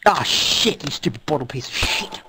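A man's voice: fairly high pitch, animated, moderate pace, very noisy. A man with an Australian accent, swearing and joking his way through a casual gaming voice chat with friends over a headset mic. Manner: crude, swearing, joking, rambling. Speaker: gamer chatting with friends.

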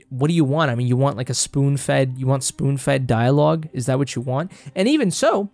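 With a darkish, mid-range voice and no echo in the recording, this young man from Mexico rants through a movie review. The film vlogger speaks with a Mexican Spanish accent as a native Spanish speaker, growing heated and cursing freely as his passion builds.

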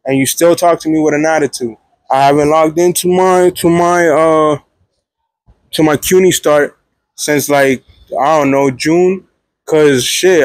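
A young man vents a story straight to camera, cursing freely and constantly checking in with his listener. His voice rides a little above the usual male pitch. The sound is dry and close, with no room echo. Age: young adult. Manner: animated, profane, keeps checking in with 'feel me', 'right?'. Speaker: vlogger, college student. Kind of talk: casual storytelling vlog.

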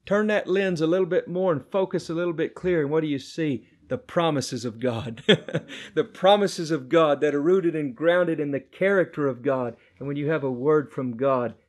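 A middle-aged male preacher gives an impassioned sermon, his fairly high voice dropping to a hush and then rising loud again. He tells his testimony with fervor to a congregation. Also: normal speed. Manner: impassioned storytelling, swings between hushed and loud.

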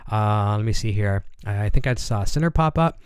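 A man's voice: fairly low pitch, lively intonation, normal speed, smooth, no room sound. Easygoing man reading live chat. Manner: easygoing, filler-heavy, repeats words. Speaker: host of a live-stream gear show. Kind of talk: casual live-stream chat, reading viewer comments.

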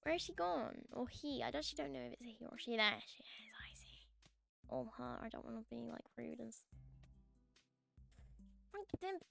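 A woman's voice: fairly high pitch, expressive, a little fast, vocal fry, long pauses, soft background music. A young woman chatting through a gaming livestream, mock-annoyed and humming to herself as she plays. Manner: chatty, mock-annoyed, sings and hums while playing. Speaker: streamer.

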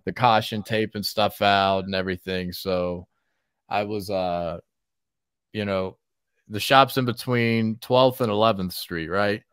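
A man hosting a casual podcast conversation, telling animated stories and laughing often. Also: lowish voice, a little slow, clear, resonant tone, no room sound, clean studio sound. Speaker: podcast host and barber.

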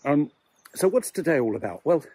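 Breathless, husky English man rambling. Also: a little high, very animated, a little fast, warm tone, no echo. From England. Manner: chatty, wry and self-mocking. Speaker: vlogger. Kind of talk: rambling walking vlog. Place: outdoor cemetery, walking.

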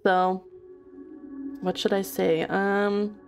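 Woman, game streamer, casual chat, giggly, swears freely, mid-pitched voice. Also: level tone, very slow, darkish tone, soft background music.

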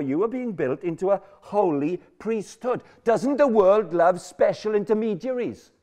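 High-voiced, fired-up male preacher. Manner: energetic, jokey, repeats lines for emphasis. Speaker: preacher at a student conference. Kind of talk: lively conference sermon. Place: lecture hall with an audience.

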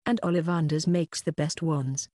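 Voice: medium pitch, steady tone, normal speed, mellow, no room sound, clean studio sound, natural voice. An audiobook narrator voicing a friendly, enthusiastic old male wizard who explains things. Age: older. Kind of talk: audiobook character voice.

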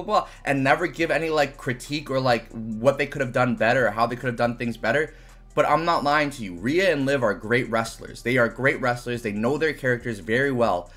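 A man's voice: mid-range voice, sharp tone. A young man giving a casual, frustrated review of a wrestling event, ranting animatedly and swearing often.

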